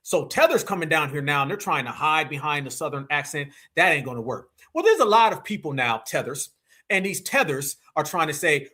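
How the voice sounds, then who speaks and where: Animated, husky-voiced male streamer. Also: fairly high pitch, normal speed. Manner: animated, slangy, mocking. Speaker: livestream host. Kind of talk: casual livestream commentary.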